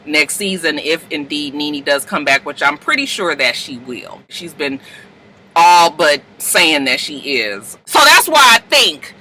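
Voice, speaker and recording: A woman vlogger giving a chatty, rambling recap of a reality show, cursing freely and jumping to high-pitched outbursts, wired on coffee. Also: sing-song, unhurried, bright, forceful tone, a little hiss or hum, low-quality recording. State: wired on coffee, talking fast. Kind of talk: casual rambling commentary.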